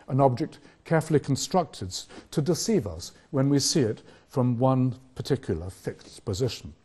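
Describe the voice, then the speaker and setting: An older man giving a university philosophy lecture, measured and reflective, posing rhetorical questions. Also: medium pitch, darkish tone, husky. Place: lecture hall.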